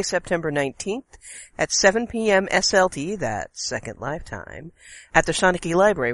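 A woman reading a short story aloud as a guest, with slow, expressive storytelling. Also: lowish voice, no room sound.

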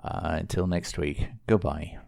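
Man, storyteller, dry jokey delivery, slow, gravelly. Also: low-pitched, steady tone, a little mellow, no room sound. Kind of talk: casual story reading.

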